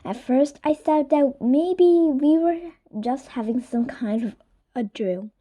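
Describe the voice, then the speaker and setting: Woman, fairly high voice, soft mellow tone, storybook read-aloud, self-corrections, whispered asides. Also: takes it slowly, dull audio. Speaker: reader. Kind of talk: reading a children's chapter book aloud.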